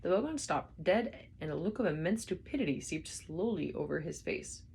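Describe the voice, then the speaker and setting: Woman reading a novel aloud, expressive, low voice, lively swings. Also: normal speed, creaky, slight background noise. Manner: expressive storybook narration. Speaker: reader.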